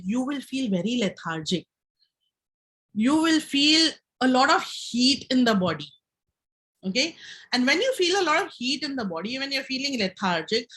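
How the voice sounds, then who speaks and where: A woman with a slightly raised pitch leads a live health workshop. She explains in plain, instructive terms and turns to the room to guide the audience through a breathing exercise, checking in with them as she goes. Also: fairly bright tone. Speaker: health session speaker.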